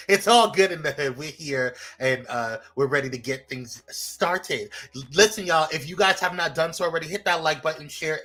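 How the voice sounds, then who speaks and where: Upbeat man co-hosting a live show. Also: fairly high pitch. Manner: energetic, laughing, loose with fillers. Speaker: co-host. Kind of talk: casual live podcast chat.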